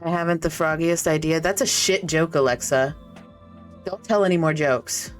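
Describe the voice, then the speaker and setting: This is a woman streaming from home, chatting loosely with her viewers through a desk mic. Her voice sits on the lower side, and she wanders from story to story with plenty of swearing. Faint music runs in the background. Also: normal speed. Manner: rambling, swears freely, chats with viewers. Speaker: game streamer. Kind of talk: casual chat while streaming.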